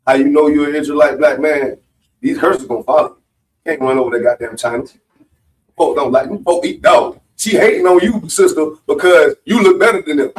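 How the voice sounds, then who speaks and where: A man exhorting a religious group in a forceful, profane manner, repeating lines for emphasis. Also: on the high side, brisk. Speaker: member speaking at a religious meeting. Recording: mic far off.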